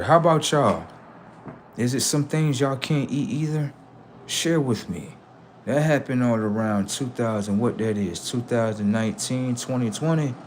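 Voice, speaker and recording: A man hosting a livestream, telling casual stories to his viewers in an animated way, swearing freely and acting out voices. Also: mid-range voice, slight background noise. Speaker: livestream host.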